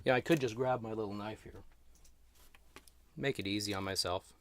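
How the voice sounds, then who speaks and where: A man's voice: on the low side, moderate pace, noisy background. A man giving a chatty, easygoing toy unboxing and review, talking to the camera as he handles the figure. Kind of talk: casual unboxing commentary.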